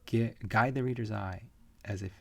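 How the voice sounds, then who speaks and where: A man teaching an online comics class in a relaxed, rambling way, with frequent fillers. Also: fairly low pitch, normal speed, creaky, no room sound. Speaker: comics instructor. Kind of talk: online lecture.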